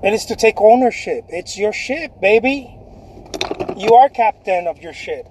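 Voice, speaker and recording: A man talks animatedly and emphatically in a casual motivational way, often repeating words. His voice is pitched high. A faint hum of noise sits behind him. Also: animated, measured pace, darkish tone. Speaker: artist.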